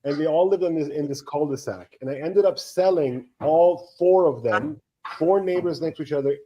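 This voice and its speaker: A man's voice: on the high side, moderate pace, lo-fi sound, slight background noise. A man in his thirties telling long, rambling stories on a casual live co-stream, acting out the people he quotes. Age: 30s. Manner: rambling anecdotes, animated quoting of others. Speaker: co-stream host. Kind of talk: casual storytelling chat.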